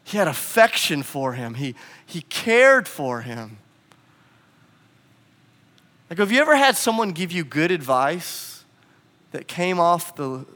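Man, pastor, sermon, high voice, animated storytelling, reverberant hall. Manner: animated storytelling, acts out quotes.

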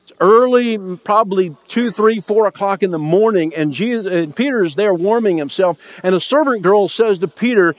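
With a voice that sits high and a moderate pace, a pastor preaches a sermon built around a story. When the people in it speak, he acts out their lines in a raised voice. There's no room sound.

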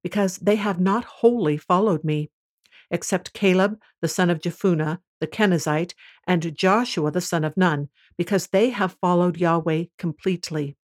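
A woman host reading scripture aloud at a measured, even pace. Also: lowish voice.

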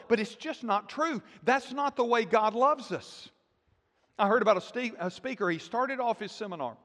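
An older man, a grandfather, preaching a sermon with emphatic declarations that drop to hushed, intimate asides. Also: high-pitched, in a large hall. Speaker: pastor.

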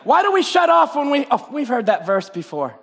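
A man preaching a sermon in a church, swinging between fervent shouting and quiet scripture reading. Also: very high voice, very animated, a little fast. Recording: reverberant church sanctuary.

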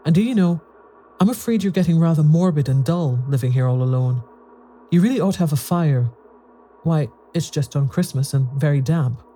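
A man voicing a brisk, cheerful woman who insists on buying a missing plate, speaking a little higher than his own voice. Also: expressive, dark tone. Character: brisk, cheerful middle-aged woman visitor.

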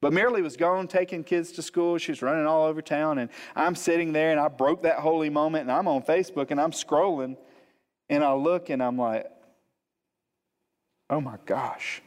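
A man, preaching as a pastor and telling a funny personal story, animated, acting out the quotes. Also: fairly high pitch, a little fast. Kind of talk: storytelling sermon. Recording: long hall reverb.

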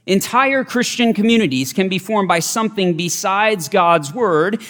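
A man's voice: high voice, expressive, moderate pace, fairly bright tone. A man preaching a sermon, earnest and emphatic, often repeating his key phrases. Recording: long reverb of a large hall.

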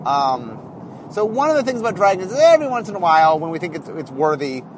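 A male game designer in a casual, animated monologue, thinking aloud as he explains design choices. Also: on the high side, a little fast, a little hiss or hum.

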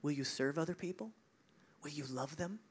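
A male pastor preaching a sermon, conversational and animated, swinging between emphatic peaks and hushed, near-whispered lines. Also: on the high side, normal speed, slightly rough. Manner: conversational asides, chuckling.

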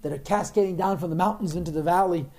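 Guy doing a giraffe in a parable, eager and coaxing, mellow tone. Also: sits high, fast talker, slight background noise, lightly acted. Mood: wistful. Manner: coaxing, listing sights. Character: eager male giraffe urging a friend. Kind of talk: storytelling in a class.

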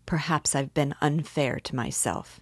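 A woman's voice: low voice, measured pace, no echo, clean studio sound. A woman reading aloud, voicing a bitter, proud young man who talks gloomily and defiantly. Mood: brooding defiant.

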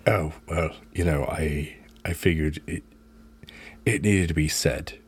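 A wise old wizard trapped inside a talking book, gentle and rambling as he reassures a friend, played by a man. The voice sits very low and is recorded dry and close in an actual-play game. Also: slow, breathy edge, no room sound, full character voice.

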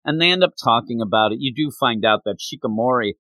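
Lively, chatty man recapping a comic. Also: mid-range voice, quick pace, no echo. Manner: animated, chatty, laughs while retelling scenes. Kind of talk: casual chat.

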